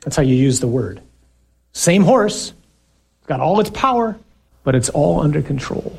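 Gravelly-voiced male preacher, emphatic. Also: a little high, sing-song, a little slow, darkish tone, slight background noise. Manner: emphatic, punchy repetition mixed with joking asides. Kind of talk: sermon with scripture reading.

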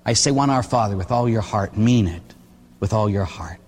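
A man's voice: on the low side, normal speed, a little mellow. An older man, a Catholic priest, preaching a sermon in a folksy, storytelling way with frequent "huh?" asides. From Pittsburgh area. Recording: long hall reverb.

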